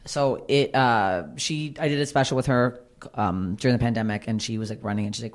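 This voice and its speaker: A woman comedian talking bluntly and swearing freely in a candid conversation, with a low voice. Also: fairly quick. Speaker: comedian and podcast guest.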